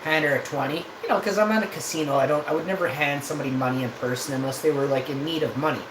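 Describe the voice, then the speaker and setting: A man's voice: a little high, very fast. Rambling man in an echoey room. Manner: rambling, loose and profane. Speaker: live streamer. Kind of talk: casual storytelling on a stream. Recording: echoey room with background noise.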